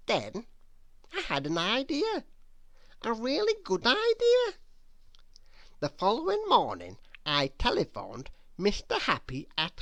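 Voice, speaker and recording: A woman reads a children's bedtime story aloud in an expressive, first-person way. Her pitch swings widely as she goes, at a slow, unhurried pace. The recording is dry and close. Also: no echo.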